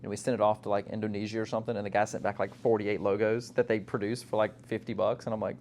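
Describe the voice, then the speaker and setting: A company owner from South Louisiana, speaking fast in a fairly low voice with slight background noise, tells stories as a guest in casual chat. He's animated, acting out quotes in a raised voice and laughing often.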